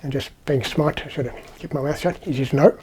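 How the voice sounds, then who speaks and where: A man's voice: fairly high pitch, brisk, a little mellow, slight background noise. A middle-aged man from South Africa with a South African accent, telling personal stories in a casual, rambling, conversational way. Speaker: vlogger. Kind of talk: casual anecdotal storytelling.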